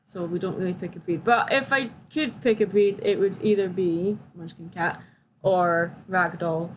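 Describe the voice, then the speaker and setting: A woman's voice: lowish voice, normal speed, slight background noise. Chatty young woman livestreamer. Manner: chatty, reads chat questions aloud. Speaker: livestream host. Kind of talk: casual livestream chat.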